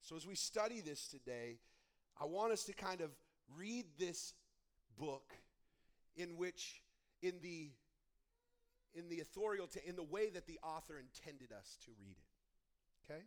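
A young man preaching a sermon, telling a story with lively energy and frequent restarts. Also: on the high side, a little slow, long pauses. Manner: animated storytelling, many restarts. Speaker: pastor.

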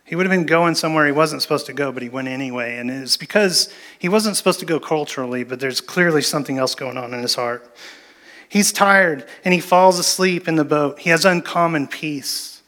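A man with a fairly high voice preaching a sermon. He tells the story with energy, jumping into acted-out lines from the people in it. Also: fairly quick. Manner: animated storytelling with acted-out quotes. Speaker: pastor.

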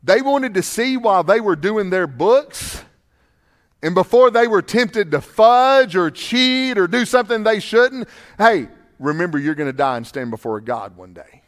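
In a church sanctuary with long hall reverb, a pastor preaches in a high-pitched, expressive, unhurried voice. His sermon is fervent and repetitive, and he sounds a little out of breath.

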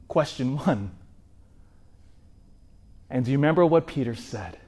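A man preaching a sermon in an animated way, asking his listeners rhetorical questions. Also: medium pitch, a little slow, long pauses.

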